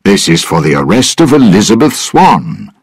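A man's voice: fairly low pitch, very animated, moderate pace, gravelly, slightly rough, no room sound, studio quality, pitched above the performer's own voice, exaggerated voice. A man voicing a stern, commanding older colonial governor in a storybook reading.

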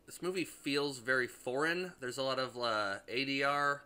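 Very bright-voiced, profane young man. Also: mid-range voice, lively intonation, normal speed, hardly any pauses, smooth. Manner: rambling, profane, frequent restarts and fillers. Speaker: movie reviewer. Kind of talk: casual spoiler review.

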